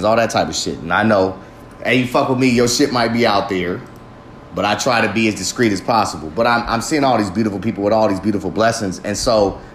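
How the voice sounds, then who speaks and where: A man's voice: on the low side, slight background noise. A man delivering an impassioned, heavily profane monologue, ranting with emphatic force. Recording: roomy echo.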